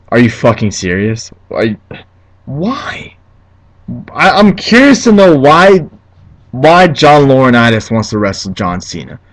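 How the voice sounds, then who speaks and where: Young man, casual solo review, middle pitch, foul-mouthed, gets heated, rambling restarts. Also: clean tone, poor audio. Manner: profane, ranting, easily heated. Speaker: wrestling show reviewer.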